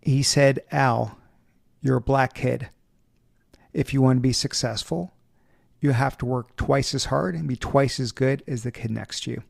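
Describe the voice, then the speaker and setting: Gravelly man hosting an interview. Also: mid-range voice, steady tone, no echo, clean studio sound. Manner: measured, attentive questioner. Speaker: podcast host interviewer. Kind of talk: interview questions.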